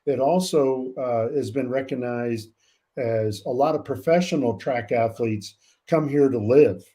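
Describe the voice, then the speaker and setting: Older male coach from California, warm and mellow tone, thoughtful delivery with lots of "uh" pauses; a seasoned guest on a sports podcast. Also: mid-range voice. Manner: measured and reflective, many "uh" pauses. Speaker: college track coach, guest. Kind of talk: casual interview talk.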